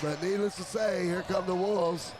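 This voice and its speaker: A man giving live basketball color commentary in a community center gym, loud and emphatic, often saying "I mean.". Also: high-pitched, fairly even intonation, moderate pace, noisy background.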